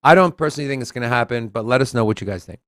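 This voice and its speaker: A man co-hosting a casual crypto news show, blunt and animated, reading and commenting on articles. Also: medium pitch, racing, no room sound, clean studio sound. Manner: blunt, animated, reads quotes aloud.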